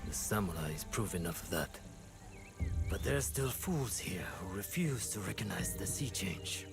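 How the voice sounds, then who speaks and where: A scheming, self-assured warlord from a video game. His low voice carries a gravelly edge and moves with a lively lilt, over a clear music bed. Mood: commanding. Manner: measured, lofty speech. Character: calculating male warlord, proud and scheming.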